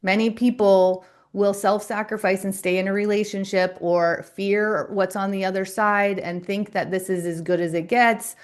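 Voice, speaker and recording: A middle-aged woman coaching on a live stream, speaking slowly and deliberately in a soothing way to her viewers in the chat. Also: medium pitch, steady tone. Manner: slow, deliberate, soothing delivery. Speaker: spiritual coach and astrologer.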